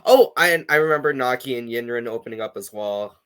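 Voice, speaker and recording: A man in casual podcast chat, his voice bright and lively. He talks loosely, with plenty of fillers, and laughs often. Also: mid-range voice, a little fast, clean tone. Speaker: podcast co-host.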